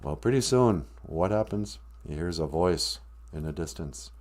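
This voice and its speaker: With a deep, darkish voice that is expressive and a little slow, a podcast host spins a comic fairy tale. He rambles, jokes and laughs at his own story as he goes.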